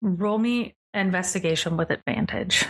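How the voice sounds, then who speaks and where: A woman's voice: lowish voice, normal speed. A woman narrating as game master of a tabletop game, chatty and rambling with many fillers.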